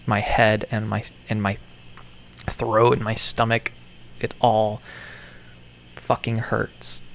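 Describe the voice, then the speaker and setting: A man's voice: medium pitch, creaky, fairly bright tone, slight background noise. Rambling, playfully menacing man. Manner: playfully menacing, meandering, self-mocking villain talk. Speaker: toy vlogger. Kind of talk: rambling vlog monologue.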